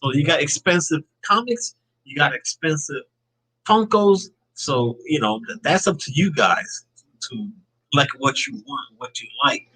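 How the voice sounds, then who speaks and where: Bright-voiced male podcast host. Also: on the high side, animated, unhurried, slightly rough, poor audio. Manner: upbeat, reads out viewer comments. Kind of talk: casual live-stream chat.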